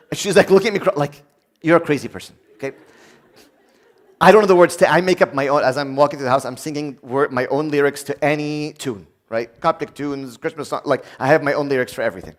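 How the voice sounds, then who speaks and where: A man delivering a sermon with a lively, swooping delivery that sits a touch high for a male voice. He acts out quick back-and-forth dialogues and jokes with the congregation. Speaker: preacher.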